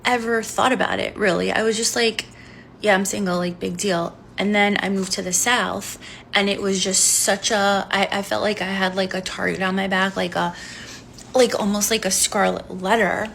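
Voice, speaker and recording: A woman's voice: mid-range voice, fairly even intonation, normal speed, creaky, a bit bright, a little hiss or hum. A woman in her forties speaking frankly in a candid vlog monologue, telling a personal story in a blunt, unfiltered way. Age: 40s.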